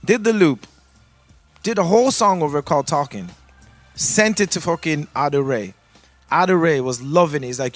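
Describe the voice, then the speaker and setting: A man from Toronto, telling a story in a casual podcast chat, animated and profane, acting out the voices of the people in it. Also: on the high side, moderate pace, dry recording, soft background music. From Toronto, Canada. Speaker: guest musician.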